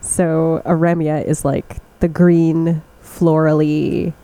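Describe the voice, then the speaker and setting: A woman's voice: sits low, level tone, slow, dark tone, rough recording. A young woman co-hosting a casual chat, describing scents in detail and laughing often. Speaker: podcast co-host. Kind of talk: casual chat about fragrances.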